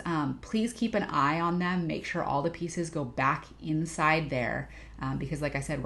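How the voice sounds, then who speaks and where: Low-voiced lady in her 30s, church kids director, chatty and frank, training talk. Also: creaky. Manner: candid, chatty, frank about herself. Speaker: interim children's ministry director.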